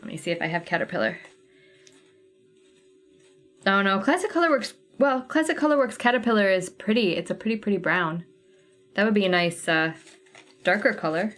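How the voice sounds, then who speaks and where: A woman's voice: mid-range voice, expressive, normal speed, pauses often, a bit bright, faint music behind. A woman hosting a casual craft livestream, chatting with viewers and thinking aloud as she sorts thread colors. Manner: chatty, thinking aloud while sorting flosses. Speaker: cross-stitch livestream host.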